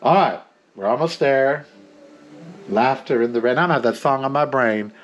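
A man's voice: medium pitch, moderate pace, pauses often, lo-fi sound, faint music behind. A man hosting a cooking vlog, chatting casually in a campy, sassy way with theatrical asides while he works in his home kitchen.

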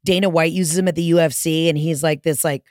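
A woman's voice: sits low, fairly even intonation, darkish tone. A woman comedian guesting on a podcast, brash and profane in casual chat. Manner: brash, profane, fast-talking.

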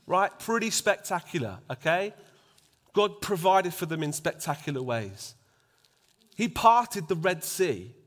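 A man's voice: high voice, sing-song, unhurried, fairly bright tone. A man preaching a sermon in a conversational way, often asking the congregation for agreement and dropping to a near-whisper for emphasis.

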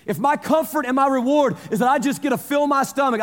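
A man's voice: very high voice, lively intonation, fairly quick. A man in his forties preaching a sermon in a casual, storytelling way, repeating phrases for emphasis. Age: 40s. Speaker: pastor. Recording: long hall reverb.

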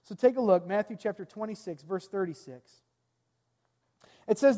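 A man pastor preaching a sermon earnestly, reading scripture aloud and letting his phrase ends fall soft. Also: high-pitched, moderate pace, pauses often, big-room sound.

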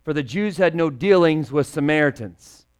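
Pastor, male, fairly high voice, smooth and clear, animated joking delivery. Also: normal speed. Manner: conversational, jokey, animated preaching. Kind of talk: casual, humorous sermon.

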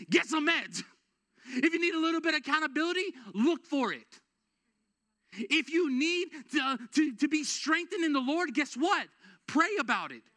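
Pastor guy preaching, really high bright voice, casual slangy, gets fired up. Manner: energetic, rises to emphatic exhortation. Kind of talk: sermon.

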